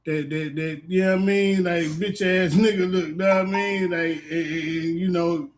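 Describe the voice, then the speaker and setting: A man hosting a podcast, talking in a halting way with lots of repeated fillers. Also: sits high, fairly even intonation. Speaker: podcast host. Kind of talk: casual chat.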